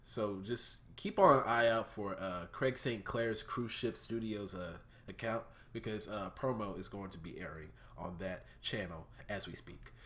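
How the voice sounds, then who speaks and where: Reviewing a cartoon episode for his vlog, a young male host keeps it casual and profane, alternating loud outbursts with subdued remarks. He speaks in a lowish voice at a measured pace, hardly pausing.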